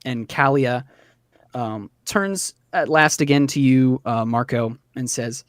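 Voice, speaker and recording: A man's voice: medium pitch, slow, no echo, clean studio sound. Chatty man narrating as game master. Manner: loose, chatty narration with many fillers.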